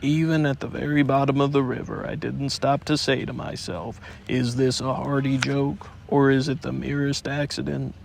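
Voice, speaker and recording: A man voicing a gloomy, sulky old male donkey in a storybook reading, with a slow, mournful, sarcastic drawl. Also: mid-range voice, steady tone, gravelly, slight background noise, lightly acted. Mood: glum. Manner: sarcastic, self-pitying.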